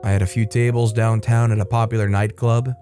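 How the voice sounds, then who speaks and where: Man narrating a story over soft music. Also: fairly low pitch, fairly quick. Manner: steady first-person storytelling read. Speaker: storyteller reading a forum post. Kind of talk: scripted narration. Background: faint background music.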